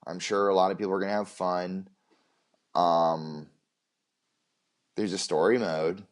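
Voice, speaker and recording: A man's voice: sits low, steady tone, measured pace. A man co-hosting a casual game podcast, rambling with many restarts and casual swearing. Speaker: podcast co-host. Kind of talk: casual chat.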